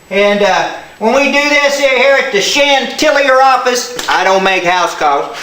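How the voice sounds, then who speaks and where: A man with a very high, bright voice clowns through a homemade how-to, full of folksy country slang and hammy yelps. The sound is echoey, like a home video shot by a truck. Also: animated, a little slow, slight background noise. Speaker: comic tire-check demonstrator. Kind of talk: goofy comedic how-to video.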